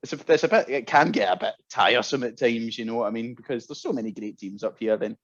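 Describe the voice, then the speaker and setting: A man's voice: mid-range voice, fast, a bit bright, muffled recording. A Scottish man, a guest musician, telling stories in casual chat and laughing often. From Scotland. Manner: chatty storyteller, laughs often.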